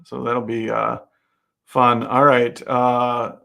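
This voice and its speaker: An easygoing man hosts a relaxed chat, his voice gravelly and fry-tinged at a middle pitch. He laughs often and trips over his own sentence starts. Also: takes it slowly. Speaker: host. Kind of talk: casual chat.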